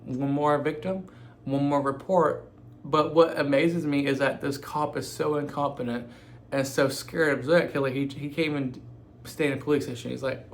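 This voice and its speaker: A man casually retelling a true crime story, halting with frequent fillers and self-corrections. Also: mid-range voice, fairly even intonation.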